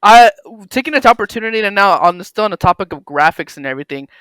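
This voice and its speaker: A young male podcast host with a high, smooth voice rambles through encouraging questions, thick with fillers. He is recorded close and dry, with no room sound. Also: animated, fast, sharp tone, no room sound, rough recording. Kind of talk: casual chat.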